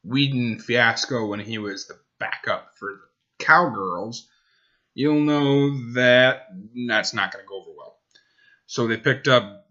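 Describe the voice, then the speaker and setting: A man's voice: medium pitch, pushed and bright, muffled recording. A man hosting a casual sports podcast, rambling and correcting himself as he goes. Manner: rambling, self-correcting, talks to his dog. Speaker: podcast host.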